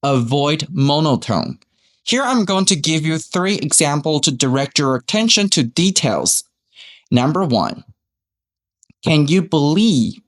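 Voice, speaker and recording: A man's voice: fairly high pitch, very animated, measured pace, a bit bright. Man teaching English. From Taiwan. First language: Mandarin. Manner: explains step by step, models example phrases aloud. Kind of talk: podcast lesson on speaking skills.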